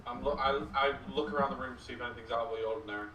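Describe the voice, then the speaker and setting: Fast-talking male player, echoey and distant. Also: mid-range voice, bright, forceful tone, slight background noise. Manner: quick, eager, with stumbles. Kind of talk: tabletop game play. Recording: echoey room mic from afar.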